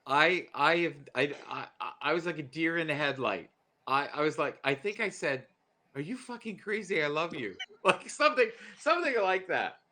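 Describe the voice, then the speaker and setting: A man chatting casually on a group livestream, his voice bright and forward. He tells stories with animation and breaks into laughter often. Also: fairly high pitch, animated, moderate pace.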